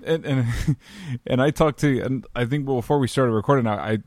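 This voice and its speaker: A man hosting a podcast in casual chat, enthusiastic and quick to laugh, often repeating words as he starts sentences. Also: mid-range voice, darkish tone, no room sound, clean studio sound. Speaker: podcast host.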